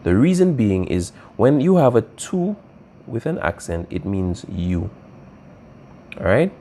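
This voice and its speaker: Warm in tone with some vocal fry, this Spanish teacher speaks on the low side against slight background noise. He walks his language class through the material patiently, repeating the essentials and frequently asking "all right?"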